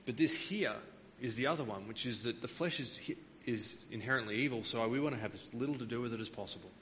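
A man's voice: mid-range voice, quick pace, a bit bright, long reverb tail, dull audio, a little hiss or hum. A man preaching a Bible teaching sermon, explaining verses patiently with frequent hesitant fillers.

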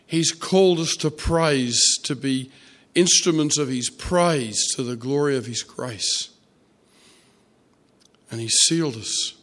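A man preaching a sermon, telling a story softly with fillers and restarts. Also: mid-range voice. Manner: storytelling, soft and halting with fillers.

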